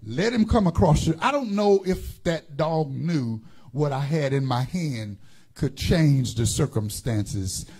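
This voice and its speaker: A man's voice: a little high, expressive, takes it slowly, mellow, breathy edge. A man preaching a sermon as pastor, calling on the congregation to repeat words and telling stories with many fillers and restarts. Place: church.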